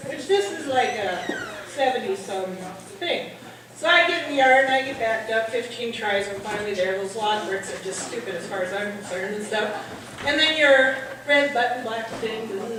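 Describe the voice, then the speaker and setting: A middle-aged woman telling a funny farm story live at a party, acting out the men's shouting. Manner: animated, acts out the men's shouting in a higher voice. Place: hall at a holiday party. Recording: echoey hall, mic at a distance, audience noise.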